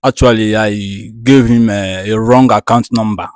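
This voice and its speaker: A man with a Nigerian accent acting as someone under questioning, giving halting, hesitant answers. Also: fairly low pitch, a little mellow, dry recording, studio quality, lightly acted. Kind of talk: comedy skit acting.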